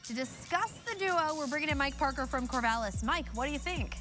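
A woman's voice: sits high, lively intonation, brisk, fairly bright tone, faint music behind. A woman hosting a college sports show, reading upbeat scripted segment intros. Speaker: show host.

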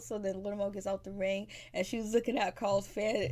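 A woman's voice: medium pitch, fairly even intonation, a little fast, a little mellow. A woman, casually recapping a reality show, blunt and gossipy, acting out the cast's lines in sassy voices.

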